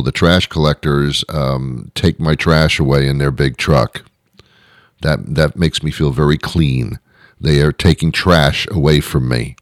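A middle-aged man hosting a show, rambling through a comedic monologue with wry, deadpan asides. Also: rumbling low, no echo, studio quality. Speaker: show host.

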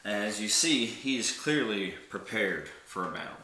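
A man's voice: lowish voice, moderate pace, echoey room, a little hiss or hum. Laid-back man running a tabletop game. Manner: relaxed, descriptive narration with frequent laughs. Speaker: game master.

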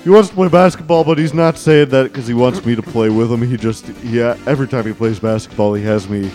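A man voicing a boastful celebrity basketball star in comedic game role-play, bragging slowly and smugly. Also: medium pitch, a little mellow, soft background music, close to an everyday voice. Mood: rambling. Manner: slow, self-satisfied bragging.

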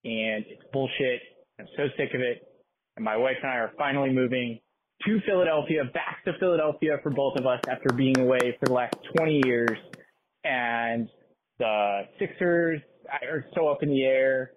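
A man's voice: mid-range voice, a little hiss or hum. Ranting man on a tinny phone line. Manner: exasperated, fast-talking. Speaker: caller. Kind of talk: phoned-in voicemail rant.

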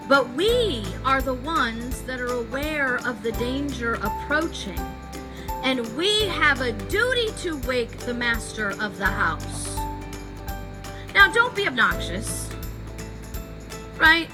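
A woman podcast host telling a history story in an animated way, acting out the quotes. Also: high voice, takes it slowly, over music, poor audio.

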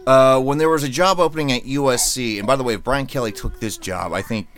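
A man's voice: mid-range voice, fast talker, a bit bright. A man co-hosting a podcast in casual chat, rambling and sarcastic, often restarting his phrases. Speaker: podcast co-host.

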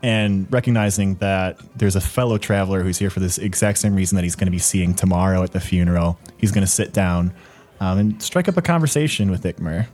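Male player, rambling and casual, lowish voice. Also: a little fast, darkish tone. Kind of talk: describing his character.

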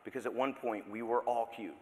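A man's voice: mid-range voice, brisk, a little mellow. A man in his thirties preaching a sermon in a church, speaking conversationally with playful asides and self-interruptions. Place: church sanctuary. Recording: long reverb of a large hall.

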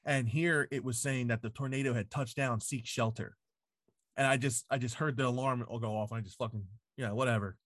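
Sitting in a home basement, this man swears freely and crams "like" into his casual storytelling. His middle-pitched voice is a bit bright, with fairly even intonation and a slightly fast pace. The sound is close and dry, free of echo.

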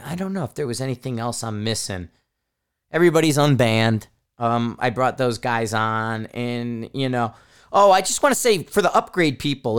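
A man's voice: medium pitch, smooth. A man hosting a podcast, talking casually in a blunt, profane, rambling way with frequent restarts. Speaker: podcast host. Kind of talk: casual solo podcast rant.

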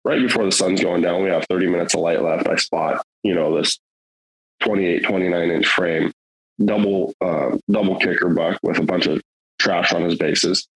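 A man's voice: deep voice, steady tone, normal speed, breathy edge, rough recording. A middle-aged man telling a hunting story in casual, rambling, earnest talk, with many fillers and restarts.

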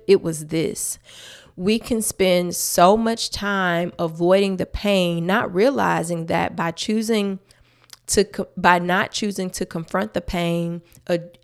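A woman hosting a faith-based podcast, talking earnestly and emphatically straight to her listeners. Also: fairly low pitch. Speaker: podcast host.

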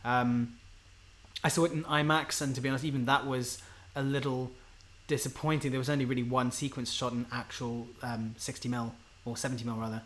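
A man co-hosting a casual podcast chat, enthusiastic and quick to laugh and tease. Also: medium pitch, little pitch movement, fairly bright tone. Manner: enthusiastic, laughs easily, teasing. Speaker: podcast co-host.

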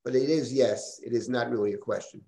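A man's voice: mid-range voice, fairly quick, gravelly, warm tone. A man teaching a live Bible class as a rabbi, thinking aloud and often checking in with "right?". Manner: thoughtful, frequent "right?" and restarts. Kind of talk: live class lecture with questions. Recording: roomy echo.

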